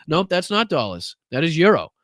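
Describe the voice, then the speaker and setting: A man's voice: a little high, big pitch swings, moderate pace, dry recording, studio quality. A man hosting a live political stream, chatting loosely, swearing freely and thanking viewers one by one with lots of "uh" and "um". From Boston area. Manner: loose and profane, many fillers, warmly thanking viewers. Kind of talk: casual live-stream chat reading donations.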